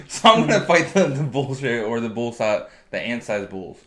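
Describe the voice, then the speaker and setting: A man's voice: medium pitch, big pitch swings, unhurried, fairly bright tone, reverberant. A man co-hosting a podcast, telling blunt, profane stories in casual banter. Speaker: podcast co-host.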